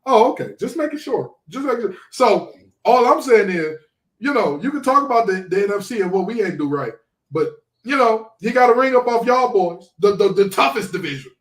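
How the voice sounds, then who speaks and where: A man co-hosting a sports podcast, trash-talking in an animated way and throwing in preacher-like exclamations. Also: high voice, brisk. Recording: roomy, far from the mic.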